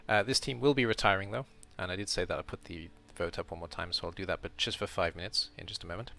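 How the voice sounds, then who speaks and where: A man's voice: deep voice, fast talker, creaky, pushed and bright. A man streaming a casual round-up of his game league as host, rambling and correcting himself as he thinks aloud.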